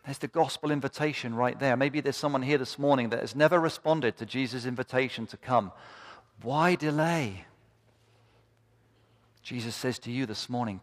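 A man's voice: medium pitch, moderate pace. A man preaching a sermon to his congregation, impassioned and building to fervent repeated cries. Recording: long reverb of a large hall.

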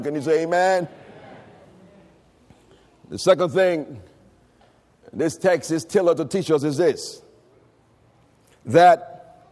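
A middle-aged male pastor preaching a sermon, breaking into shouts and sung, rising phrases. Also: on the high side, animated, slow pace, pauses often. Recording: long hall reverb.

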